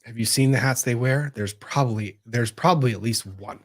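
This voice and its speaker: Over a video call, this show host runs a relaxed online legal panel, speaking briskly in a mid-range voice. His humor is wry, and he turns to his dog with a soft voice.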